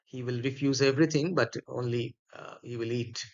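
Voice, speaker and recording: A man explaining a play in a literature lecture, halting and pausing with many fillers. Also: medium pitch, steady tone, gravelly, highs cut off. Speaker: literature teacher.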